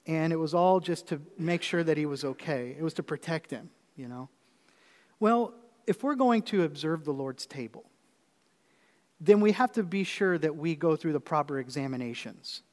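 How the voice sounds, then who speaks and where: A man's voice: a little high, expressive, normal speed, a little mellow, big-room sound. A man preaching as pastor, telling a personal story in a conversational way with repeated phrases before moving into the sermon.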